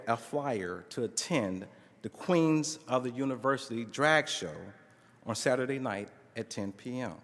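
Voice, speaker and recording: A man at a conference reads a narrative case story aloud, his medium-pitched voice a bit bright. He performs the dialogue in different voices as the large hall's reverb lingers.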